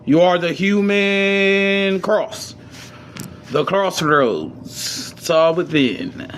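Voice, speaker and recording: Man, fairly high voice, casual lecture, profane slang, reads then riffs, faint background hiss. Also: drawn-out words. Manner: animated, jumps between high and low registers. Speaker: esoteric lecturer.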